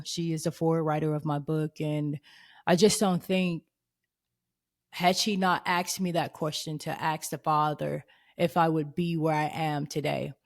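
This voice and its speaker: A woman in her thirties hosting a faith podcast, telling a personal story in an earnest, expressive way and acting out the voices in it. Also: low voice. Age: 30s. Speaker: podcast host.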